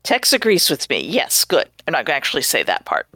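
A woman's voice: deep voice, huge pitch swings, a little fast, sharp tone, husky, no echo. A woman playing a tabletop game, chatty and playful. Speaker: player. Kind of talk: casual tabletop game play.

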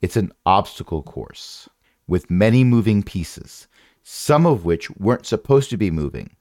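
A man's voice: fairly low pitch, very animated, a little slow, darkish tone, no room sound, clean studio sound. A man running a tabletop game as game master, rambling and correcting himself with wry asides.

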